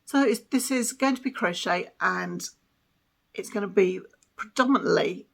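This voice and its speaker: Chatty gravelly-voiced woman. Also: mid-range voice, moderate pace. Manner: chatty, self-deprecating, many ums and giggles. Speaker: crafting podcast host. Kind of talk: casual chatty vlog.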